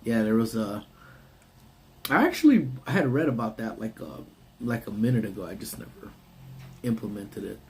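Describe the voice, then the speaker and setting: A man's voice: fairly low pitch, sing-song, moderate pace, pauses often, a little hiss or hum. A man hosting a casual live stream from his parked car, rambling and answering his chat. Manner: laid-back, rambling, reads and answers chat. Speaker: livestream host.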